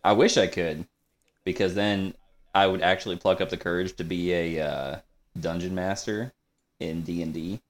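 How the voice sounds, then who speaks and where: A man's voice: deep voice, steady tone, moderate pace. A man in his twenties co-hosting a podcast, laid-back and hesitant, telling stories casually. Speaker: podcast co-host. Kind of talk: casual storytelling chat.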